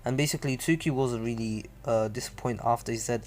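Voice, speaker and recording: A man's voice: medium pitch, quick pace. A man casually retelling a fan story, rambling with many hesitations and asides.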